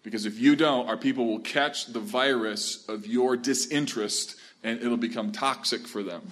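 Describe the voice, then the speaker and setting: Pastor, male, mid-pitched, speaking to a live room, earnest and animated. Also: moderate pace. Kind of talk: talk and Q&A for church leaders.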